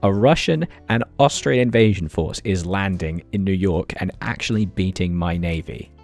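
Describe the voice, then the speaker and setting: A man's voice: low-pitched, moderate pace, creaky, a little mellow, faint music behind. A man commenting on his strategy game playthrough with wry jokes and exasperated asides. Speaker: gaming commentator. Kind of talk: let's play commentary.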